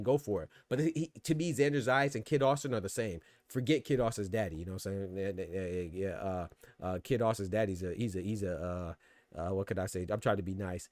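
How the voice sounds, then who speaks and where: A man's voice: on the low side, darkish tone, no echo. A man hosting a podcast in casual, slangy commentary, reacting to his live chat as he goes. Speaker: boxing podcast host.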